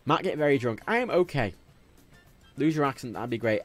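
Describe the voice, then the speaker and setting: A young English man with a faint Liverpool twinge in his vowels, chatting loosely on a gaming livestream. His pitch leaps up and drops away a lot as he rambles, swears and hops between thoughts. Soft game music plays quietly behind him. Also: animated, brisk. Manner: rambling, swears freely, jumps between topics. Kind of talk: casual gaming livestream chat.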